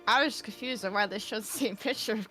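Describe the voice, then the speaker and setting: A woman's voice: fairly high pitch, fast, bright, forceful tone, faint music behind. A woman playing a video game with a friend on stream, polite and a little hesitant. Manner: polite, hesitant, brief replies. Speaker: streamer and co-op partner. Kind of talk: casual let's-play chat.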